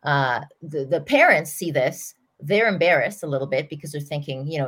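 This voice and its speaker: A middle-aged woman, a parenting coach, talking through an example in an earnest, animated way as a podcast guest. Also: deep voice, moderate pace, hardly any pauses. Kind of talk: storytelling explanation in an interview.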